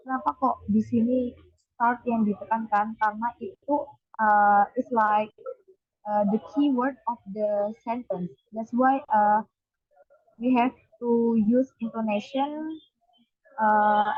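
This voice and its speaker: A woman's voice: a little high, no echo. Young Indonesian-accented woman, lo-fi recording. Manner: reads notes, then explains with fillers. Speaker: student presenter. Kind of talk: class presentation. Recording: dull lo-fi recording.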